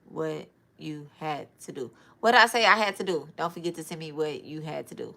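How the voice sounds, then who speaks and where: Deep and sharp-toned with vocal fry, this woman's voice moves at a moderate pace and hardly pauses. She's a spiritual reader and live-stream host, casually chatting with viewers she calls y'all.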